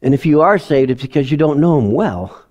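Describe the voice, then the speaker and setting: A man preaches in a church sanctuary, his slightly high voice moving between chatty confession and fervent emphasis. He sounds like a middle-aged pastor, personal and emotional, leaning into repeated lines. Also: expressive, brisk, highs cut off. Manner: conversational, emotional, swings from quiet to loud emphasis. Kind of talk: sermon.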